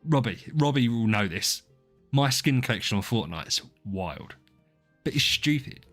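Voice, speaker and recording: A man's voice: medium pitch, expressive, normal speed, a bit bright. Rambling man streamer chatting to viewers. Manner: rambling, self-deprecating, talks to chat by name. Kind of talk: casual live-stream chat. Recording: faint music behind.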